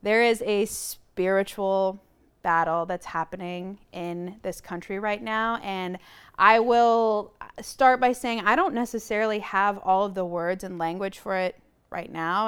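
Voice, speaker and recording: Podcast guest, woman, earnest and searching for words, smooth voice, lapel mic. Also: mid-range voice, steady tone, normal speed, a bit bright. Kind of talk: casual conversation. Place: room shared with host.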